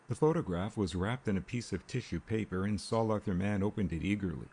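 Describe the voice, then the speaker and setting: Brief: male audiobook narrator, low-pitched and husky, steady measured reading. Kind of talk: scripted narration.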